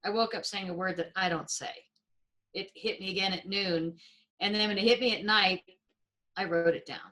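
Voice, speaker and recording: This is a woman speaking as an interview guest, her voice bright and forward. She tells her stories with lots of expression and jumps into quoted exclamations of her own past reactions. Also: mid-range voice, rough recording. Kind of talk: animated storytelling in an interview.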